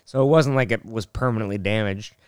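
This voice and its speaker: A man's voice: on the low side, a little fast, clear, resonant tone, no echo, studio quality. A young man hosting a podcast, telling rambling self-mocking stories and laughing often. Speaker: podcast host. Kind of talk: casual storytelling monologue.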